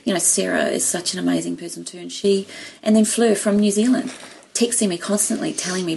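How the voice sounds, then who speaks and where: Middle-aged woman, low gravelly voice, expressive anecdotal chat, faint room noise. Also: brisk, poor audio. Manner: warm storytelling, emotional, quotes others animatedly. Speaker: guest. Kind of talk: casual chat.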